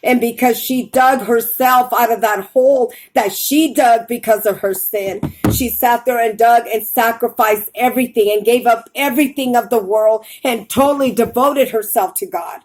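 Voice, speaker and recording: A woman's voice: fairly high pitch, normal speed, hardly any pauses, a little mellow, low-quality recording. A woman preaching fervently from a Bible reading, urging her listeners with repeated warnings. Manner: fervent, urgent, repetitive warnings.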